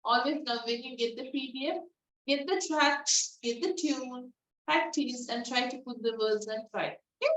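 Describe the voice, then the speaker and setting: Brief: female phonics teacher, fairly high voice, emphatic repetition, heard from afar in a roomy space. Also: a bit bright. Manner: repeats sounds slowly and emphatically, asks "right?" often. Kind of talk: online phonics lesson. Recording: echoey, distant, dull lo-fi.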